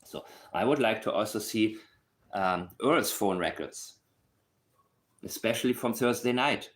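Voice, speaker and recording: A man's voice: on the low side, a little slow. A man with a non-native accent, a true-crime commentator talking through a case in casual analysis to camera. He is sarcastic and emphatic, and repeats his points to drive them home.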